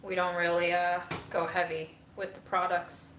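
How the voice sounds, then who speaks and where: A woman's voice: lowish voice, flat delivery, moderate pace, a bit bright, roomy sound, slight background noise, poor audio. A woman hosting a casual livestream from home, chatting and ranting to her viewers. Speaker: livestream host.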